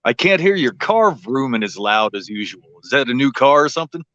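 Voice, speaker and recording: A man's voice: medium pitch, very animated, a little fast, a bit bright, no echo. A man calling in to a live stream by phone, talking in a friendly, easygoing way. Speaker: guest caller. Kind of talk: casual chat. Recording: muffled phone audio.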